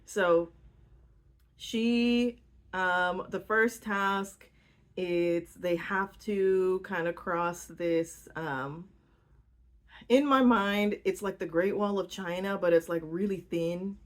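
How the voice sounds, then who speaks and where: Slow, low-voiced woman recapping a book. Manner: slangy, giggly, rambling with many fillers. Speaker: book vlogger.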